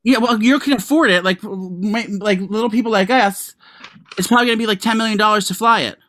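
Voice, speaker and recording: A man's voice: sits high, brisk, sharp tone, no echo. Casting: man, podcast co-host, rambling gossipy storyteller with crude asides, close dry sound. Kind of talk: casual chat.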